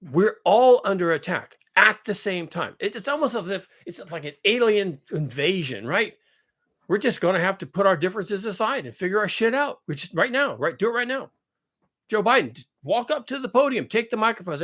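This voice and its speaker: A man's voice: high-pitched, very animated, brisk, a bit bright. A man in a ranting monologue, urgent and blunt, swearing and repeating lines for emphasis. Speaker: climate commentator.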